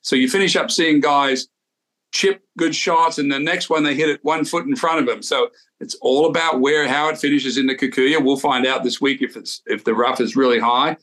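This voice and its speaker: An Australian-accented man in his sixties speaks at normal speed in a mid-range, fairly bright voice with fairly even intonation. A former tour pro co-hosting a casual podcast, he tells stories easygoingly, with many restarts.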